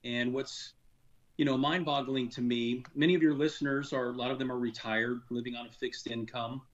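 A man's voice: medium pitch, fairly even intonation, normal speed, muffled recording. A man, a former industry insider, talking casually and earnestly on a radio show, frustrated, with many fillers and restarts. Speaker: financial advisor guest.

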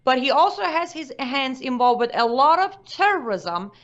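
A woman's voice: high voice, very animated, normal speed. A woman guest on a talk show who states her views emphatically and firmly. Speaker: guest commentator. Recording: dull lo-fi sound.

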